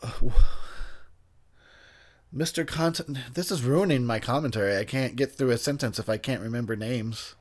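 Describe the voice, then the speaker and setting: A tipsy man talks over a movie in a loose, rambling way. He swears freely, laughs a lot and stops mid-sentence when names slip his mind. His voice sits at an ordinary middle pitch. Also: moderate pace. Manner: rambling, profane, laughs often, loses track of names. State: intoxicated. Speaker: film commentator. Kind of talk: casual movie commentary.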